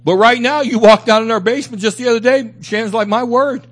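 A man's voice: extremely high pitch, fast talker, fairly bright tone. A man preaching a sermon as pastor, emphatic and repetitive, with candid asides to his congregation. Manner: emphatic preaching with repeated phrases.

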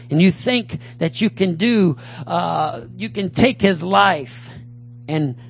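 A man preaching with fervent energy, his voice set high and his delivery slow and drawn out. He rises into loud calls and drops into low mutters as he acts out a taunting giant. Faint music plays behind him. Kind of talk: sermon.

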